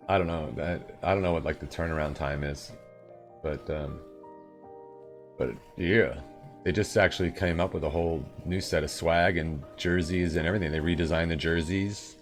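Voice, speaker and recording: A man's voice: deep voice, fairly even intonation, moderate pace, faint music behind. A man live-streaming and chatting casually with viewers, rambling and upbeat in his morning voice. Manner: rambling and upbeat, with sudden loud bursts.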